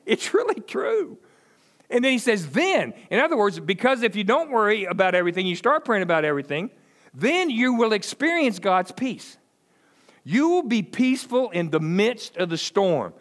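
A man's voice: sits high, normal speed. A middle-aged man preaching a conversational sermon, telling stories with lots of acted-out voices and chuckles. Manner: animated storytelling, acts out quoted voices, chuckles often.

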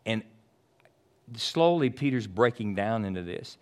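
A man preaching a sermon as pastor, casual and chatty with the congregation, swinging from loud emphatic preaching to hushed storytelling. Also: on the low side, animated, a little slow, clear, resonant tone.

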